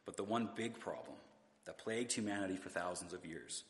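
Man, pastor, sermon, rhetorical questions, deep-ish voice, roomy church sound. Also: lively intonation, fairly quick. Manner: conversational, rhetorical questions, occasional restarts. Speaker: preacher. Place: church sanctuary.

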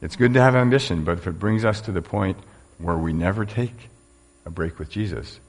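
A male preacher giving a relaxed, conversational sermon, full of rhetorical asides. His voice sits very low and has a strong gravelly fry along with a husky, breathy grain. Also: a little fast. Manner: conversational, with frequent fillers and rhetorical questions.

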